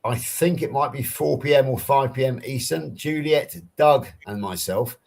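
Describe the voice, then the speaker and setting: Speaking at a normal speed with vocal fry, this man has a medium-pitched, somewhat mellow voice. He's English, from England, with a Southern accent, and he's casually chatting on a live stream video call, explaining things through stories from his own life.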